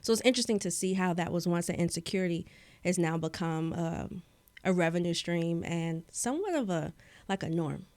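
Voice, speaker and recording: Articulate woman with crisp diction. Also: on the low side, brisk, no room sound. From Maryland, USA. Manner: animated storyteller, clear careful diction. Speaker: guest, public speaking coach. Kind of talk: casual interview chat.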